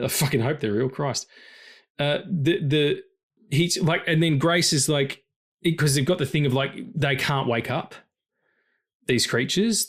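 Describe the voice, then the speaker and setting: A man co-hosting a film podcast in casual chat, talking passionately and swearing freely, his pitch jumping high when he gets excited. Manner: passionate and emotional about stories. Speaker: podcast co-host.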